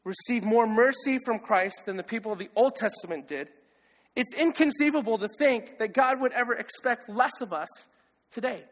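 High-voiced pastor preaching in a reverberant hall. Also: male voice. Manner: animated, acts out voices of others. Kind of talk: sermon. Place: church hall.

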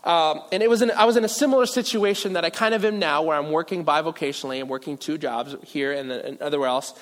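A man from Virginia preaching a sermon as pastor, animated and self-deprecating, with asides and restarts. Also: a little high, quick pace. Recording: long hall reverb.

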